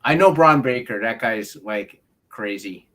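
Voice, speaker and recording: A man hosting a casual podcast chat, relaxed and chiming in with short quips. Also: mid-range voice, unhurried. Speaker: podcast host.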